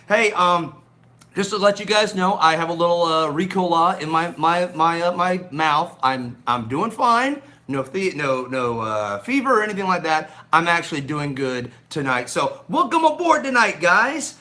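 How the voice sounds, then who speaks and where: An upbeat man chats on a home live stream, calling out viewers by name with frequent ums and restarts. His voice sits high and sounds bright, with a slight scratchiness in the throat. He talks into a phone mounted on a gimbal. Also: animated, moderate pace. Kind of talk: casual live stream chat. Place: at home indoors.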